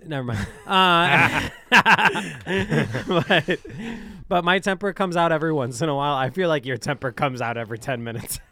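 Bright-voiced teasing young man. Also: on the high side, moderate pace. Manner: teasing, ribbing friends. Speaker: podcast co-host. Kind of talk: casual chat.

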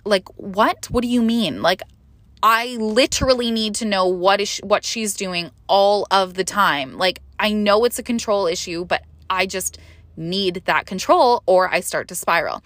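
A woman's voice: mid-range voice, a little slow, a bit bright, no echo. A young adult woman hosting a podcast, candidly talking through a personal story in a rambling, emotional way, with lots of fillers and swearing. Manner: emotional, rising sharply when reliving panic. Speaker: podcast host. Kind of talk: confessional podcast monologue.

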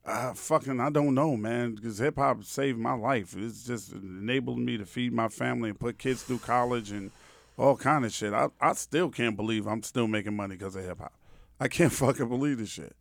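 A man's voice: medium pitch, normal speed, gravelly, dry recording. A man from New York hosting a podcast, talking in an emphatic, profane and heartfelt way. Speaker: podcast host. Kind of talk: casual interview chat.

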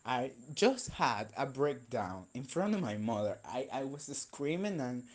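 A man's voice: mid-range voice, very animated, a little slow. A young man whose first language is Spanish, venting in a casual vlog, rambling and swearing with many fillers and restarts. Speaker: vlogger.

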